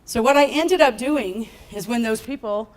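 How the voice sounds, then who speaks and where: A woman giving a lively talk at a business event, laughing often and acting out what people said to her. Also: a little high, moderate pace, poor audio. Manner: animated, laughs often, acts out quotes. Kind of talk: motivational stage talk with storytelling. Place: event stage before a live audience.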